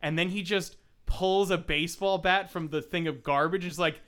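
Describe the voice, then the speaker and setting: A man co-hosting a horror podcast in casual chat, animated and profane, often acting out lines. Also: high-pitched, normal speed. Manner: animated, swears a lot, acts out quotes. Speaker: podcast co-host.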